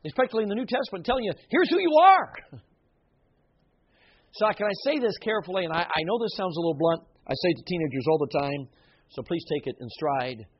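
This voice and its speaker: Husky, emphatic male preacher. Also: fairly high pitch, dull audio. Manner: earnest, emphatic, with asides and short laughs. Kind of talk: sermon.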